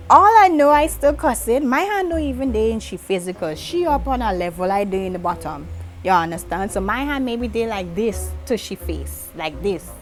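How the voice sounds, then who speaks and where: High, lively woman telling a story. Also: moderate pace, faint music behind. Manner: lively, dramatic retelling with acted-out quotes, talks with her hands. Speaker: vlogger. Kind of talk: animated storytelling.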